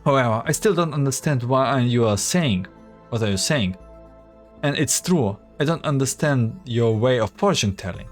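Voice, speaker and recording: A man's voice: mid-range voice, animated, normal speed, faint music behind, close to an everyday voice. A man voicing a formal, analytical female android doll who talks in stiff, data-driven phrases. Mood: unsure. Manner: stiff, data-citing, earnest.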